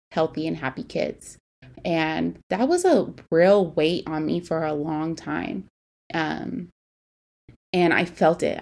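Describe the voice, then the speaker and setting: Young woman podcaster, kinda low voice, chatty and open, gets hushed on the sad parts. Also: creaky. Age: 20s. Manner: candid, conversational, grows quiet and somber when recalling loss. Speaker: podcast host. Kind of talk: personal storytelling.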